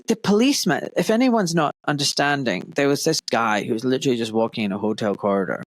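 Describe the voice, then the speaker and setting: A British man hosting a podcast in casual interview chat, excitable and stumbling over his words. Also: medium pitch, fast, few pauses, no echo. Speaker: podcast host.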